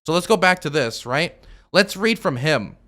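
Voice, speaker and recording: A man's voice: fairly high pitch, big pitch swings, moderate pace, a bit bright. A man streaming a reaction to a video, arguing point by point and stacking up objections in loose, filler-heavy talk. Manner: argumentative, rebutting with repeated objections; loose, full of fillers and restarts. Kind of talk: commentary.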